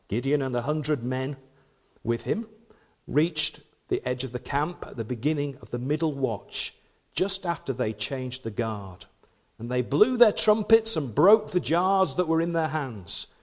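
A man preaching a sermon, reading scripture dramatically and adding playful asides. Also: fairly high pitch. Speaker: pastor.

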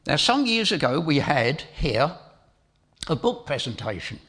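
Lively, chatty middle-aged male preacher. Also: a little high, measured pace, breathy edge. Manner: chatty storyteller with asides to listeners. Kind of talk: informal sermon.

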